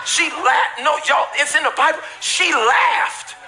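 A man preaching a sermon as pastor to a live church congregation, emphatic and repetitive with bursts of shouting and casual joking asides. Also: very high voice, measured pace, noisy background.

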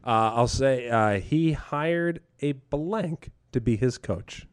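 A man's voice: mid-range voice, lively intonation, slow, clean tone, no room sound. A man hosting a podcast in casual chat, playful and teasing. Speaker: podcast host.

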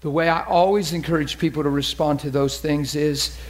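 A man preaching as a pastor, animated and acting out quoted voices in a lively sermon. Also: fairly high pitch, normal speed.

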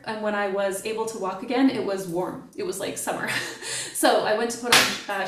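Middle-aged woman, chatty guest, playful storyteller, roomy off-mic sound. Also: medium pitch. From Canada. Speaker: podcast guest. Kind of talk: casual podcast conversation. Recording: echoey and distant from the mic.

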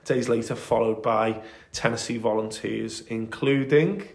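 A man's voice: medium pitch, fairly even intonation, a little slow, gravelly. A man in the middle of his range recounts battles with eager, rambling enthusiasm, dotting his talk with ums. His voice rings a little in an echoey room. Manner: enthusiastic storytelling with many fillers. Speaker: podcast co-host. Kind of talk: casual history chat.

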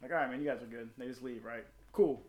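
A man's voice: mid-range voice, fairly even intonation, fast talker, reverberant. A former Marine telling a story in casual, profane chat and acting out the people he quotes.

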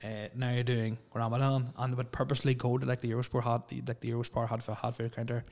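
A man's voice: mid-range voice, completely flat delivery, fast, a little mellow. A young man, co-hosting a casual chat with rambling, crude and laughing banter. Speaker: podcast co-host.

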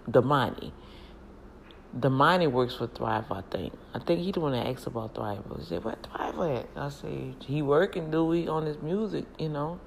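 Casual vlogger, woman, gravelly voice, animated and chatty, faint room noise. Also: low-pitched. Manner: chatty, animated, laughs a lot. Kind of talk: casual storytelling to viewers.

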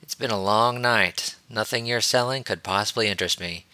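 A man's voice: on the low side, normal speed, sharp tone, smooth, no echo. A man reading an audiobook, voicing a blunt, irreverent young male wizard who talks in a bland, dismissive way.

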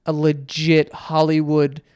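A young man with a slightly raised pitch jokes around on a podcast, teasing his co-host and laughing easily. His voice sounds close and dry, with little room around it. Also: monotone, a little mellow, smooth, no room sound. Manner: quick to laugh, teasing, swears often. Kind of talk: casual chat.

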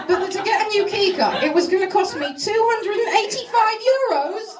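A woman's voice: very high-pitched, lively intonation, moderate pace, hardly any pauses, very noisy. A woman from near London doing a stand-up comedy set in a small club, an exasperated, swearing storyteller. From near London, England. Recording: echoey club, distant mic, loud crowd laughter.

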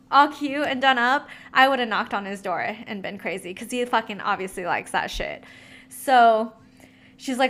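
A woman's voice: on the high side, moderate pace, pushed and bright. A young woman in her twenties tells a story in casual chat, gossipy and full of fillers and swearing.

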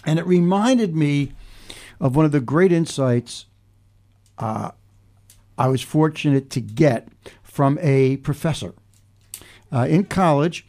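A man's voice: medium pitch, mellow. An older man hosting a casual talk show, telling a reflective story in a meandering way with many restarts. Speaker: podcast host.

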